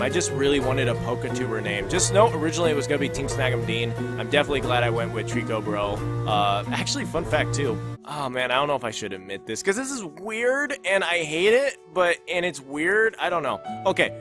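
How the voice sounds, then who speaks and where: A young man hosting a gaming channel, talking casually over gameplay in a rambling, excitable, self-conscious way. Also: medium pitch, a little fast, hardly any pauses. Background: faint game music.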